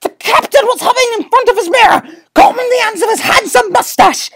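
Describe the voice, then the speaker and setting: A woman reading a picture book aloud with animated, breathless storytelling. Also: very high-pitched, fairly quick, no echo. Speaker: reader.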